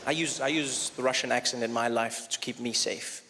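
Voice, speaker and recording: A man doing live stand-up comedy, telling self-deprecating stories with animated delivery. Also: mid-range voice, fairly quick, background noise. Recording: live show in a reverberant hall with crowd ambience.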